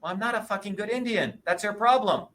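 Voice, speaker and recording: A man in his sixties, a guest in an interview, talking in a combative, profane and emphatic way, often pausing to ask "okay?" or "you see?". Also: high voice, very noisy. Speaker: interview guest, presidential candidate.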